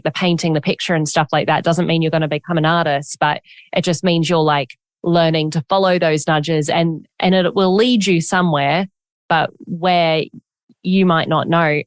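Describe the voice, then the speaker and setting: A woman's voice: low voice, no echo, studio quality. A woman hosting a podcast, chatty and personal, who affirms her guest often and shares her own stories. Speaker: podcast host. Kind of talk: casual interview chat.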